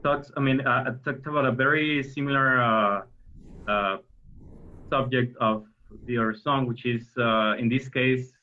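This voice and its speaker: A man's voice: mid-range voice, fairly even intonation, measured pace. A man, a musician guest talking hesitantly in an interview, full of fillers and restarts. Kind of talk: explaining interview talk. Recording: dull lo-fi audio.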